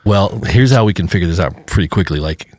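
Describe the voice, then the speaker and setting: A man with a low voice co-hosts a casual podcast chat. He reacts with amused, teasing remarks. The recording is dry and close. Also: expressive, a little fast, no echo. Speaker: podcast co-host.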